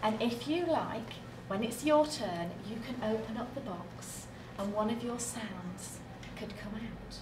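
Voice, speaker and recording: This British woman teaches primary school and is heard from a distance in an echoey, noisy classroom as she runs a sound game for young children. Her fairly high voice flows unhurriedly with few pauses. Encouraging and drawn out, she throws in animal sounds and buzzing effects.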